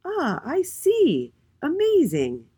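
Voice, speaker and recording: A woman's voice: on the low side, big pitch swings, normal speed, warm tone, husky, pitched above the performer's own voice. A woman voicing Miss A, a polite young letter girl in a children's storybook.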